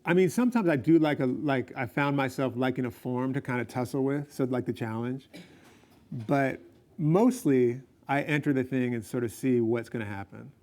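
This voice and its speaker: A man's voice: mid-range voice, normal speed, a little mellow. A man speaking as a guest author, answering questions in a loose, rambling way with frequent laughs and fillers. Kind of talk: casual Q&A answers.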